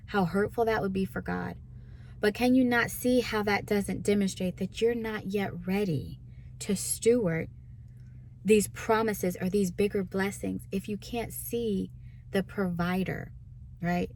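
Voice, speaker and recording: A woman's voice: mid-range voice, fairly even intonation, a little slow, creaky, a little mellow, a little hiss or hum. Woman giving a chatty devotional talk. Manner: conversational, asks listeners "right?"; acts out listeners' complaints in quoted voices. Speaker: minister. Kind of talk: casual devotional teaching.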